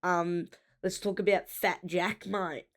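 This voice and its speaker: A woman's voice: fairly low pitch, slow, over music. A woman giving casual, rambling commentary while reacting to a rap song, with many fillers and half-finished thoughts. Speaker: music reaction host.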